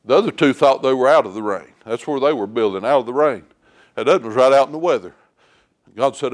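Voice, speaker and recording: A man's voice: medium pitch, fast talker. A man preaching a sermon in a church, plain-spoken and folksy, telling homespun stories. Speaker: lay preacher. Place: church sanctuary.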